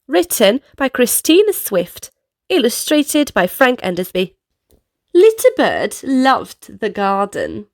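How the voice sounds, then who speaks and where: Animated woman reading to kids. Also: high voice, no echo. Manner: animated, sing-song, playful sound effects. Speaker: storyteller. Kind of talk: picture-book read-aloud for kids.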